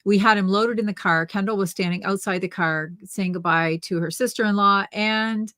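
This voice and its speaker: A woman's voice: mid-range voice, normal speed, bright, forceful tone, dry recording, studio quality. An older woman co-hosting a casual knitting livestream, telling a family story in a chatty way with restarts.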